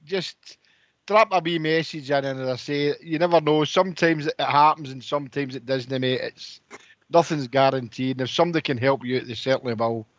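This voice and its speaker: A man's voice: mid-range voice, fairly quick, no echo. A Scottish man on a radio phone-in panel, plain-spoken and reassuring. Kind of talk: casual phone-in chat. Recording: dull lo-fi sound.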